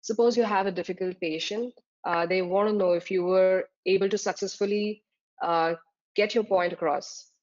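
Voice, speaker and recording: An exam tutor explains terms step by step during a slide-based lecture, often saying "uh." Her medium-pitched voice is steady and a little mellow at normal speed, captured in a dull lo-fi recording.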